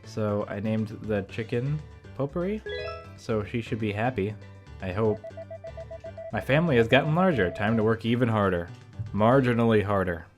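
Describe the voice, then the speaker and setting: A man talking casually over his gameplay as a YouTuber, thinking out loud with rambling asides. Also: lowish voice, animated, normal speed, over music. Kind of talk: casual let's-play commentary.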